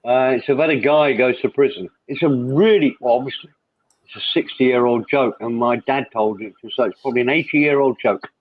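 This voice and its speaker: A man's voice: mid-range voice, brisk, no room sound. A man hosts a casual live chat, wandering from joke to comment in a loose, talkative way. His mid-range voice comes through a narrow, tinny phone-like line. The sound is dry, with no room around it. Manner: rambling, chatty, reads viewer comments aloud. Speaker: host.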